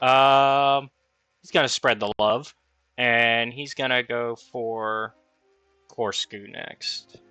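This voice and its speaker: Male DM with a bright, forceful voice, thinking aloud over rolls. Dry mic. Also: mid-range voice, steady tone, takes it slowly, clear, resonant tone, no room sound, soft background music. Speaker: dungeon master. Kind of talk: running a tabletop game session.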